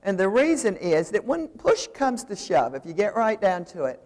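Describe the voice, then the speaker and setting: A woman's voice: mid-range voice, sing-song, normal speed, hardly any pauses, a little mellow. Woman lecturing in a reverberant hall. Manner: conversational, digressive, with frequent fillers and restarts. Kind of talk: seminary lecture presentation.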